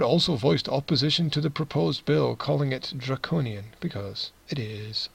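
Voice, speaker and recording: A man's voice: medium pitch, normal speed, vocal fry, hardly any pauses, husky, poor audio. A man teaching English, reading a news text aloud and adding sarcastic, chuckling asides.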